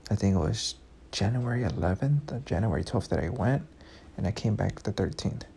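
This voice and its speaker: A man's voice: on the low side, expressive, brisk, creaky, dark tone, a little hiss or hum. A young man hosting a podcast, telling his breakup story candidly and emotionally, swearing often. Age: young adult. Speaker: podcast host. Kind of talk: casual storytelling.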